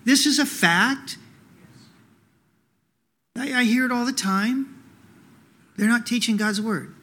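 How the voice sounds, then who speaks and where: High-voiced male pastor preaching conversationally. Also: slow, bright, forceful tone. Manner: conversational, many "you know" fillers, rhetorical questions. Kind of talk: sermon.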